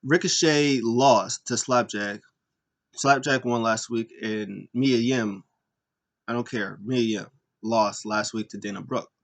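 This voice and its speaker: A man's voice: mid-range voice, takes it slowly. Man rambling through a wrestling recap. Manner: rambling, animated retellings with frequent fillers and restarts. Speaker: podcast host.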